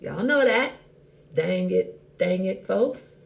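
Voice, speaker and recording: A woman hosting a casual live chat show, talking in a sassy, animated and blunt way and greeting viewers by name. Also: mid-range voice, slow pace, creaky. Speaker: host.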